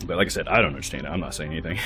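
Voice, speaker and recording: A man's voice: rumbling low, rapid-fire, sharp tone. A man streaming a live game playthrough, thinking aloud, laughing often and hedging his opinions.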